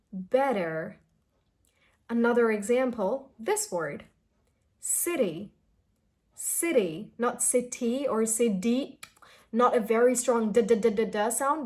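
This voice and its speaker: A young woman from India teaching an English pronunciation lesson in a casual, chatty way, drawing out sounds to demonstrate them. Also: medium pitch.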